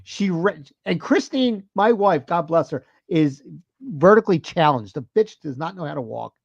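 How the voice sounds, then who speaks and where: A man in his thirties tells a story on a podcast, his speech lively and swinging through a wide pitch range, with a gravelly edge. His manner is profane and animated, and the sound is dry and a little dull, like a lo-fi recording. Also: moderate pace, dry recording. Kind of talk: casual storytelling.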